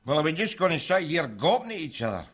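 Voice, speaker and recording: Speaking fast with big pitch swings, a man with a fairly high, slightly bright voice plays a crude, scruffy, middle-aged Glasgow man who taunts people with sarcastic asides. This sitcom acting comes from a TV clip with music over it and a little hiss or hum.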